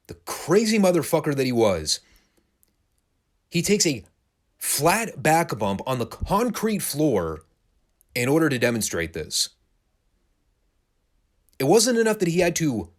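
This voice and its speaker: A man giving a casual recap of old wrestling shows, animated, laughing and swearing freely. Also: a little high. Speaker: wrestling show reviewer.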